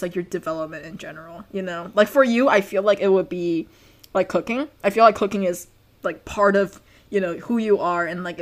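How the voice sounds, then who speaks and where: A young woman hosting her own podcast in a loose, rambling chat. She strings thoughts together with constant fillers and trailing asides. Her voice sits a little low for a woman. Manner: rambling, heavy use of "like". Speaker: podcast host. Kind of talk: casual chat.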